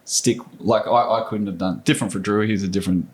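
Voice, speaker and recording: Australian man, 50s, lower voice, animated raconteur guest. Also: fast. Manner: animated anecdotes, frequent restarts and laughs. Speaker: guest, former basketball player. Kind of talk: casual storytelling.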